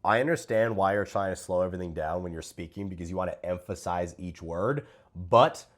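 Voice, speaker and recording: A man's voice: low-pitched, brisk. A man giving blunt, profane reaction commentary on other creators' fitness videos. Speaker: host reviewing fitness coaches' videos.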